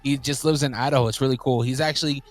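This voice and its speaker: A man's voice: mid-range voice, fairly even intonation, fast talker, faint music behind. A man co-hosting a wrestling podcast, talking animatedly in casual chat, laughing often and using lots of fillers. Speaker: podcast co-host.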